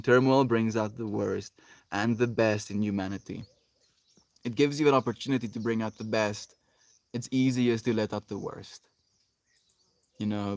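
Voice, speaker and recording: Livestreaming from an open field outdoors, a man reads his chat and talks casually with viewers in a meandering, reflective way, his sentences often trailing off softly. His voice is lowish and the recording is dry.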